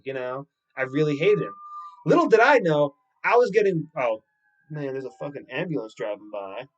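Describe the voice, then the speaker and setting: A young man hosting a podcast, telling a story in an animated, rambling way and swearing freely. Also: mid-range voice, muffled recording. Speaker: podcast host. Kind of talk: casual solo podcast storytelling.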